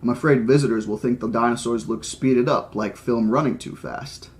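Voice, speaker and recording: A man's voice: mid-range voice, fairly even intonation, normal speed, lightly acted. A man reading as an earnest young scientist. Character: young male geneticist, earnest and persuasive.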